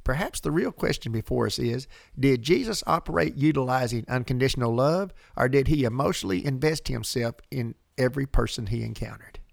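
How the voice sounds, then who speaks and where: Brief: male Bible-study co-host, gravelly voice, dry close sound, emphatic delivery. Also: mid-range voice, fairly quick, few pauses, dry recording. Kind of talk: conversational Bible teaching.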